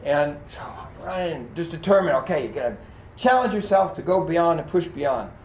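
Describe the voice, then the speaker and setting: The sermon comes from a pastor whose slightly high voice moves at normal speed, echoing in the church with a little hiss or hum. He's a lively storyteller who performs quotes, laughs a lot, and sometimes becomes choked up.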